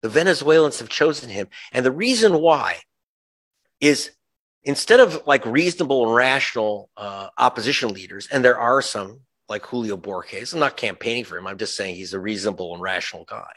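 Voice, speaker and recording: Speaking at a normal speed, this male journalist's mid-range voice is animated and fairly bright. As an interview guest, he gives passionate, sarcastic political commentary with frequent restarts.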